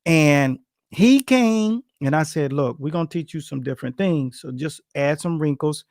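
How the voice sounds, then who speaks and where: A man, a boxing coach, telling gym stories in a casual, animated chat full of slang and acted-out quotes. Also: fairly high pitch, moderate pace, dry recording, studio quality. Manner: animated, slangy, acts out quotes with grunts and laughs.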